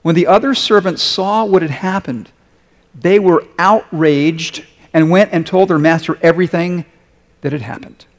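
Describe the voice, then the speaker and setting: A man's voice: fairly high pitch, normal speed, big-room sound. A male pastor delivering a sermon, talking conversationally and asking his congregation questions as he reads and explains a story. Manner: conversational preaching with rhetorical questions.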